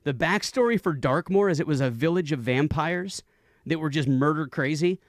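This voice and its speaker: A man's voice: on the high side, normal speed, dry recording, clean studio sound. A middle-aged man who is a guest on a talk stream, telling stories with enthusiasm. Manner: enthusiastic storyteller. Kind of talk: casual interview chat.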